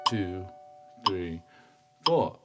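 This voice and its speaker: A man teaching a stringed-instrument lesson, calmly counting beats and chanting strokes. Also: deep voice, very slow, over loud music. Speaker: music teacher. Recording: loud instrument playing under voice. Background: cavaquinho playing.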